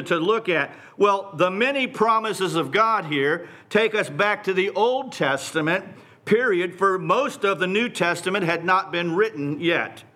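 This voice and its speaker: Male preacher, fairly high voice, unhurried, emphatic sermon delivery. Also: bright, forceful tone. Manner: deliberate, emphatic, repeating phrases for stress.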